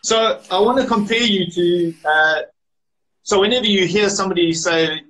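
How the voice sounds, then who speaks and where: High-voiced interviewer. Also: male voice, moderate pace, fairly bright tone, rough recording. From South Africa. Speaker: interviewer, host. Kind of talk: casual interview.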